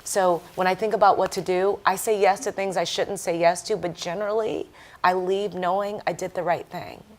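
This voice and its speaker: A woman with a slightly low voice tells a story to a live panel audience. She is animated and lively, acting out the lines of the people in her story. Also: normal speed. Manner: animated, acts out quoted voices. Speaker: panel guest speaker.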